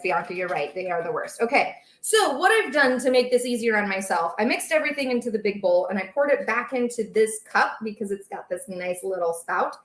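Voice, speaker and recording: A young woman runs a casual baking livestream from her home kitchen, chatting away and reading out viewer comments while she cooks. Her voice sits at a medium pitch, and the room gives it an echoey quality.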